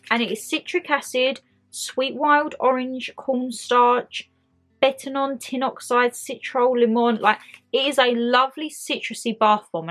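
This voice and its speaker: A woman's voice: fairly high pitch, a bit bright. Chatty woman vlogger. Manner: chatty and enthusiastic, talks straight to viewers. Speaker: beauty and lifestyle vlogger. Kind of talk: casual monthly favourites chat to camera.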